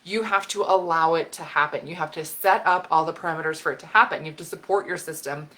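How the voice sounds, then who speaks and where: A woman health expert giving an animated talk on camera, getting fired up and laughing as she explains while sketching on a board. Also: deep voice, fast. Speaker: women's health and hormone expert. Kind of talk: educational video talk.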